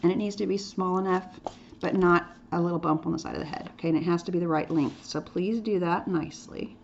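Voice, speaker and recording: A woman's voice: on the low side, fairly even intonation, a little fast, darkish tone. A woman teaching a drawing lesson in a playful, chatty way, dropping into whispered asides as she demonstrates. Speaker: art teacher. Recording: dull lo-fi sound with faint noise.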